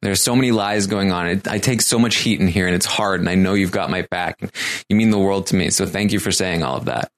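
A man voicing a tearful grown man who pours out heartfelt thanks in a rushed, halting way. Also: sits low. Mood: tearful, grateful.

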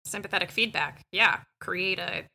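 A woman playing a tabletop game, speaking in a thoughtful, measured way. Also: on the low side, gravelly, sharp tone. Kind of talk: casual in-character play.

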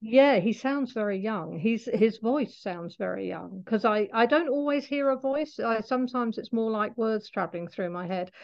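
A woman's voice: a little high, normal speed, vocal fry, hardly any pauses. Scottish woman, chatty, lo-fi sound. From Scotland. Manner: chatty, laughs often, explains at length. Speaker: animal communicator guest. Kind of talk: interview conversation.

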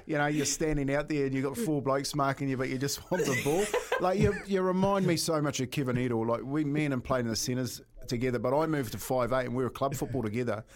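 A man co-hosting a radio show, telling an animated story in a casual, laughing way. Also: mid-range voice, fast talker, few pauses. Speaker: radio co-host. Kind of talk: casual banter.

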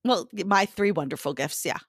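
A woman co-hosting a podcast, telling stories in casual chat with a hoarse, strained voice and a teasing, animated manner. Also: lowish voice, normal speed, dry recording, studio quality. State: hoarse, lost voice. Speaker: podcast co-host.

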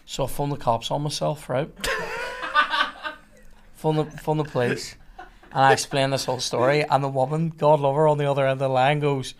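Against a noisy background, a young man with a mid-range voice speaks at a normal speed as a podcast guest. He's animated and swears a lot in his casual storytelling, playing the parts of the other people.

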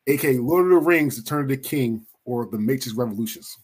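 A man hosts a casual podcast, his husky voice sitting at a middle pitch. He talks loosely and bluntly, swearing and laughing as he runs the show. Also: fairly quick. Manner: animated, swearing, laughing often. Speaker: podcast host.

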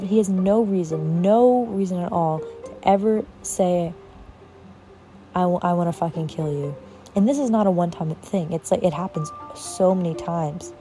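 A young adult woman, a podcast host, tells a personal story in a casual monologue. Her voice sits on the low side with a warm tone, and she leans heavily on "like," swears freely, and quotes other people in acted voices.

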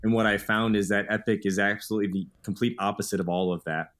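A man's voice: fairly low pitch, fairly even intonation, fast, a bit bright. A man in his thirties, a guest author telling stories in an earnest, upbeat way in a podcast interview.

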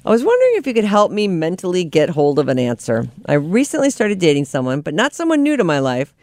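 Radio host reading listener mail out loud, lively ups and downs, super dry close mic. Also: medium pitch, quick pace, no room sound. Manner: expressive, laughs while reading. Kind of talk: reading letters aloud on air.

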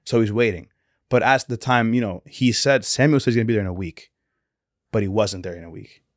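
A man's voice: lowish voice, brisk, no echo, clean studio sound. Laid-back young man retelling stories. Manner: laid-back storytelling with slang and frequent "like". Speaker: podcast co-host. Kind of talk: casual faith podcast chat.

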